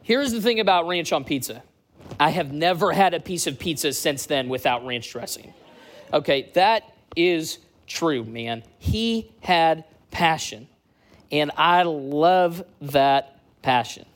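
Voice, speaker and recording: A man's voice: fairly high pitch, takes it slowly. A man in his late thirties, a church community director from the US East Coast, telling stories and bantering with a church crowd. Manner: lively storytelling with crowd banter.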